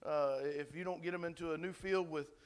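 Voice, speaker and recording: A man's voice: a little high, fairly even intonation, brisk, clean tone. A pastor preaching a sermon to his congregation in a loose, conversational way, with many fillers and restarts, and putting questions to the listeners.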